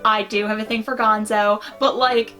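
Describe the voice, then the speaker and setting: A woman's voice: medium pitch, level tone, normal speed, bright, forceful tone, soft background music. A young adult woman chatting enthusiastically in a casual show-and-tell vlog, gushing over items from her collection. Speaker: pin collecting YouTuber.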